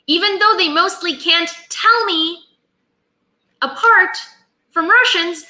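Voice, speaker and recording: A woman's voice: very high-pitched, slow pace, bright, forceful tone, roomy sound. A Ukrainian woman in her twenties with a Ukrainian accent, live-streaming impassioned commentary and chatting with viewers. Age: 20s. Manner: impassioned, emphatic, thanks viewers mid-rant.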